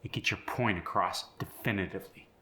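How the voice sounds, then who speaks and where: A man's voice: sits low, brisk, bright, forceful tone, a little hiss or hum. A man teaching an accent, explaining each sound change step by step before reading an example sentence. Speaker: accent coach. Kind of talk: accent tutorial.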